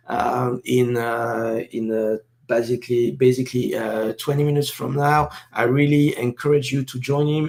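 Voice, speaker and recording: A man's voice: mid-range voice, a little mellow. Hesitant man with a French accent. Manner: hesitant, many fillers and restarts, reads chat comments. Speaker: live stream host. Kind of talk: casual live-stream talk.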